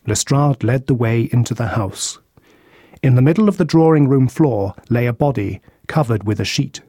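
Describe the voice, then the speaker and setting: A man reading a detective story aloud in a steady, even narration. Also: medium pitch, moderate pace, no echo, studio quality.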